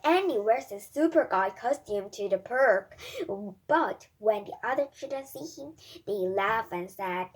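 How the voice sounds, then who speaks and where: Storybook narrator: woman, high voice, careful read-aloud with slight slips. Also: expressive, measured pace, breathy edge. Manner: careful reading with small slips. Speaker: storybook reader. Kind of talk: reading a children's storybook aloud.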